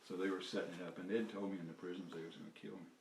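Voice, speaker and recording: An older Southern US man with a low, creaky voice and fairly even intonation races through a rambling personal story, chuckling and swearing as he trails off and restarts. He's an interviewee recalling his activism. The mic is distant in a roomy space, with faint noise.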